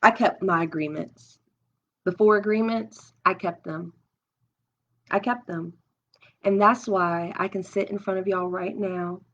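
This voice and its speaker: A woman's voice: medium pitch, fairly even intonation, unhurried. A young woman hosting a live stream at home, talking openly and emotionally through her own experiences, thinking aloud with many restarts. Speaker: livestream host. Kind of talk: candid personal talk on a live stream. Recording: dull lo-fi stream audio.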